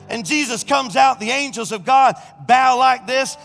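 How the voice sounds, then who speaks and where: A middle-aged senior pastor, preaching an exuberant sermon and shouting praise in a church sanctuary. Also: male voice, very high voice, normal speed, creaky, soft background music. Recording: reverberant church hall.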